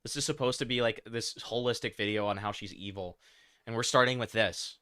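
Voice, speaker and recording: A tired man casually commenting on a video during a stream, in a dry, dismissive, low-key way. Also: brisk, bright, forceful tone, smooth, no echo.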